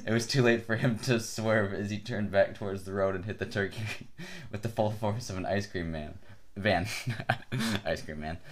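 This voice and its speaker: A man's voice: lowish voice, moderate pace. A man reading silly fan fiction aloud on a comedy podcast, laughing often as he reads. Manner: keeps breaking into laughter mid-read. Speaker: podcast co-host.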